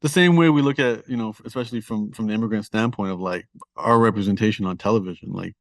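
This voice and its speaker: A man with a Toronto accent speaks as a guest author in a laid-back podcast interview. He is open and self-deprecating, and his fairly deep voice comes across dry and close, with no room sound. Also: fast talker, dry recording. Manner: candid, self-deprecating, conversational.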